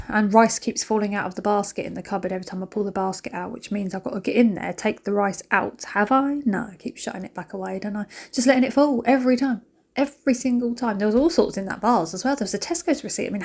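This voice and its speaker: A woman's voice: medium pitch, darkish tone. Chatty British woman vlogging while cleaning. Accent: British English. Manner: chatty, rambling, addresses viewers directly; emotional, self-mocking. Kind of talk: casual chat while cleaning.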